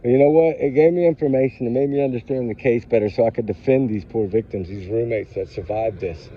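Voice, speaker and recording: A man's voice: mid-range voice, quick pace. A man, talking in an upset, preachy way as he vlogs outdoors on his phone. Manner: upset, preachy, Southern-style y'all talk. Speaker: true crime vlogger. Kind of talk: emotional casual vlog talk. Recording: dull lo-fi phone audio with faint street noise.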